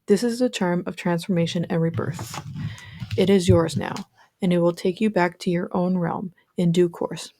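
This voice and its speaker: A woman putting on a raspy ancient crone. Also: on the low side, steady tone, moderate pace, warm tone, a little hiss or hum, close to an everyday voice. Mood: solemn. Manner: solemn, proclaiming. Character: ancient wise crone, old woman, gruff yet grandmotherly.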